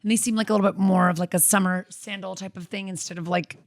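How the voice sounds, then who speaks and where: Easygoing mom podcast co-host. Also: female voice, mid-range voice, steady tone, fast, no room sound, clean studio sound. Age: adult with a child. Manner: easygoing, many fillers, laughs often. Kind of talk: casual chat.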